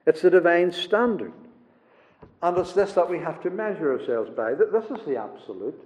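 A man preaching a sermon in an earnest, emphatic way, his phrases often falling soft at the end. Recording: echoey hall, dull low-fi sound.

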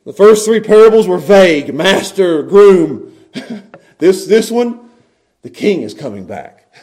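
A man with a high voice preaches with lively energy. He swings from hushed, low passages to loud, ringing lines and chuckles often between his points, as a pastor in the middle of a sermon. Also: takes it slowly.

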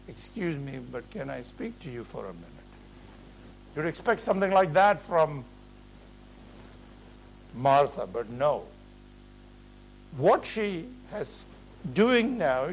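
A man preaching an earnest, emphatic expository sermon in a measured way. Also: medium pitch, creaky, a little hiss or hum, rough recording.

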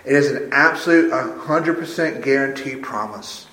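Guy preaching a sermon, punchy and repeats himself for emphasis, middle pitch, echoey sound. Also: moderate pace, fairly bright tone. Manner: emphatic, repeats phrases for stress. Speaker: pastor. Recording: roomy echo.

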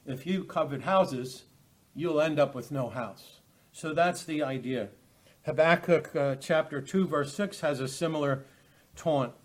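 A man teaching a Bible study, halting often with fillers and restarts as he reads and explains verses. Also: a little high. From United States.

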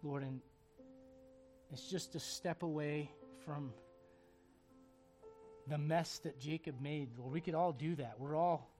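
Male pastor leading a closing prayer, earnest and pleading, voice a touch high. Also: steady tone, measured pace, pauses often, darkish tone, faint music behind.

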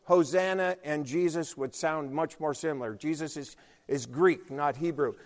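A man preaching a sermon, explaining patiently and rising loud when he quotes scripture. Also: fairly high pitch, normal speed. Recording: long hall reverb.

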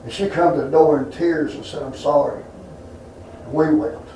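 A man's voice: a little high, fairly quick, warm tone, distant mic, a little hiss or hum. A middle-aged man preaching a folksy sermon to a responsive congregation. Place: church sanctuary. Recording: echoey church room.

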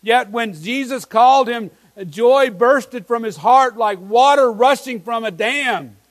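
A man's voice: very high-pitched, slow pace, poor audio. A pastor preaching an earnest sermon to his congregation, asking his listeners many questions.

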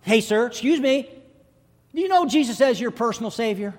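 A man voicing an excited young boy on a plane who blurts out questions loudly. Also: extremely high pitch, brisk, long reverb tail, voice pushed up. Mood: eager.

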